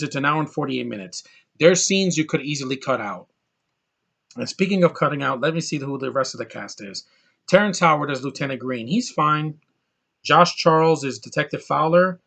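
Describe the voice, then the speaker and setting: A man's voice: mid-range voice, creaky, fairly bright tone. A man giving a casual, blunt film review, ranting and exasperated about what he dislikes. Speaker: movie reviewer.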